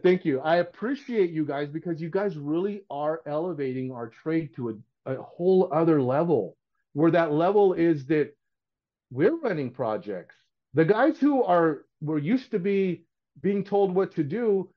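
Middle-aged male podcast guest, earnest rambler with a raised pitch, recorded on dull lo-fi audio. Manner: earnest, rambling with frequent restarts. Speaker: painting contractor guest. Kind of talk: casual podcast chat.

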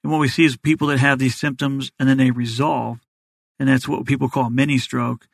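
A man's voice: mid-range voice, little pitch movement, vocal fry, no room sound. A man, a doctor as a guest, explaining health matters in plain, practical terms. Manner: fast, plain-spoken explainer. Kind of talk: explanatory interview answers.

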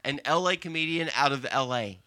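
A man's voice: fairly high pitch, fairly quick, sharp tone, no echo. Man, podcast host, dry close mic, reads questions, laughs a lot. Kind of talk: casual podcast chat.

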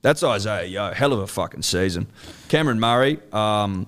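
A man co-hosting a crude comedic sports podcast, animated and sweary, his voice climbing when he rants. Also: lowish voice, moderate pace. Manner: animated, swearing, rising excitedly when ranting. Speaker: podcast co-host.

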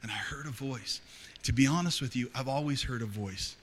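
A middle-aged man preaches a sermon in a church hall. His voice sits in an ordinary middle pitch, and he moves between soft, intimate confession and loud, fervent appeals. A faint ambient hum runs under the recording. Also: brisk. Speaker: pastor. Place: church hall before a congregation.

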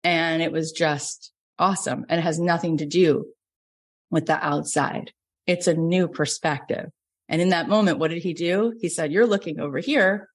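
A middle-aged woman from Florida, a business coach telling a personal story, animated and acting out quoted lines. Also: normal speed. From Florida, USA. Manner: animated, acts out quotes with big pitch jumps. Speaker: business coach and podcast host. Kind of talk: storytelling lesson.

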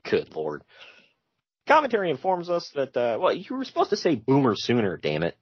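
A man's voice: mid-range voice, wildly swooping pitch, normal speed, breathy edge, no echo. A man co-hosting a podcast, casually recapping wrestling with jokey asides and frequent laughs. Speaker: podcast co-host. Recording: dull lo-fi sound.

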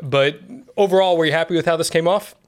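A man's voice: fairly high pitch, fast talker. A man co-hosting a podcast, chatting and then reading an ad in an upbeat, punchy way. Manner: upbeat, punchy ad-read delivery. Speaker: podcast co-host. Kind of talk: casual chat and read ad.

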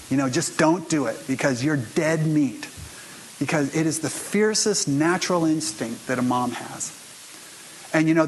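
Fairly high-voiced man preaching. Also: a little hiss or hum, rough recording. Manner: conversational storytelling, speaking straight to the congregation. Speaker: pastor. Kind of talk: sermon.

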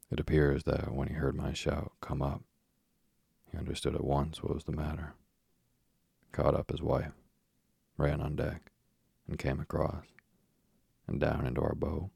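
Very deep, gravelly male narrator. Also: darkish tone, no echo, clean studio sound. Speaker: audiobook narrator. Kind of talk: first-person literary narration.

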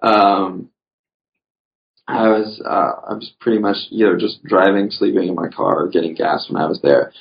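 A man with a fairly low voice talks in a casual podcast chat, wandering through his thoughts and padding them with fillers. The recording is dull and lo-fi, with little top end. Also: fairly even intonation, normal speed, creaky. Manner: rambling, full of "you know" fillers.

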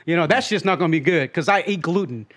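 A man co-hosting a casual podcast, telling his side of a story in a chatty way, often trailing into quiet asides. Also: fairly high pitch, lively intonation, fast talker. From Southeast Asia. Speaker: comedian co-host.

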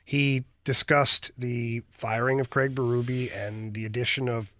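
Bright-voiced male sports radio host. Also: medium pitch, little pitch movement, unhurried, dry recording, studio quality. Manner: joking, reads listener messages. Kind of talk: sports talk radio chat.

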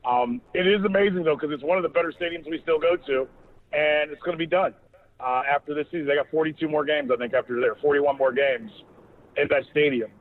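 A man's voice: on the high side, fairly even intonation, a little fast. Tinny-sounding rambling male podcast host. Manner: loose, profane, rambling with restarts. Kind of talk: casual sports chat.

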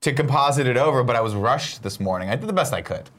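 A man's voice: mid-range voice, lively intonation, quick pace, fairly bright tone. A man co-hosting a casual morning show, joking around and reading viewer messages aloud. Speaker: co-host.

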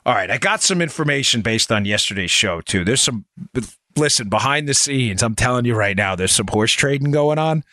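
A man's voice: mid-range voice, expressive, a little fast, sharp tone, dry recording. A middle-aged man hosting a podcast, delivering heated political commentary in a combative, ranting way full of punchy rhetorical questions. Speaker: podcast host.

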